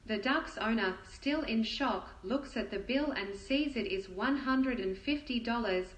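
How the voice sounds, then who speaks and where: A woman reading a joke aloud as a narrator, in a steady, even storytelling manner. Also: fairly high pitch, unhurried, few pauses, reverberant, poor audio.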